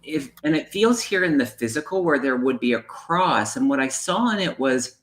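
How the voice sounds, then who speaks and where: A man hosting a live stream of psychic readings over a video call, speaking softly and wandering through loose analogies. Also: a little high, expressive, normal speed. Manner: soft, meandering, thinks aloud in loose analogies. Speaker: psychic medium and stream host.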